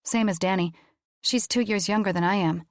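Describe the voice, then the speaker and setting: A woman's voice: medium pitch, normal speed, no echo, clean studio sound, lightly acted. Woman voicing a breezy, flippant young man.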